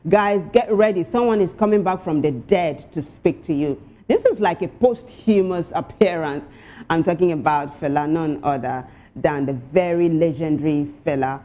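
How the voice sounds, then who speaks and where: A woman hosting a talk show, reading out social media posts with lively asides. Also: fairly low pitch, moderate pace.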